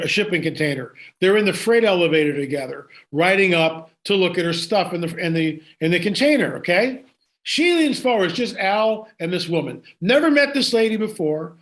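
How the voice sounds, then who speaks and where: A man, the guest in an interview, telling a story with excitement and frequent restarts and asides. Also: high voice.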